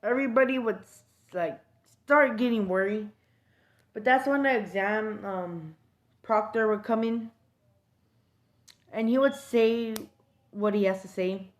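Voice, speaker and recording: Brief: woman storyteller, unscripted, slow, stumbling, halting with fillers. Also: a little high. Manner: hesitant, many fillers and restarts. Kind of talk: improvised fan-fiction storytelling.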